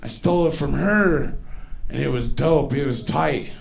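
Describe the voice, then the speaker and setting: A gravelly, slightly high voice belongs to a comedian in his forties working a club stage at a measured pace. His set is profane, full of loose stories and loud put-on voices.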